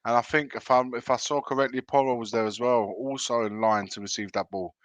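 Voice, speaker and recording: A man's voice: medium pitch, fairly even intonation, brisk, no echo. A man hosting a live football watch-along, calling the play-by-play with chatty asides to his viewers.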